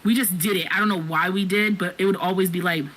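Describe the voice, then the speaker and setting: A woman's voice: fairly low pitch, steady tone, quick pace, fairly bright tone, low-quality recording. A woman co-hosting a podcast, talking frankly and casually with lots of "like, you know" and reading out listener comments. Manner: frank, chatty, many fillers like "like, you know". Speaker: podcast co-host.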